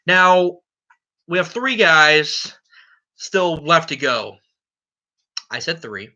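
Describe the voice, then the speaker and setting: A man's voice: a little high, lively intonation, very slow, bright, forceful tone. A man running a casual solo fantasy football recap as league commissioner, brash and profane, ribbing the other league members.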